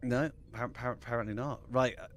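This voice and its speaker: A man co-hosting a live gaming show in casual chat, excitable and stammering with frequent restarts. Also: mid-range voice, fast talker, dry recording. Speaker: co-host.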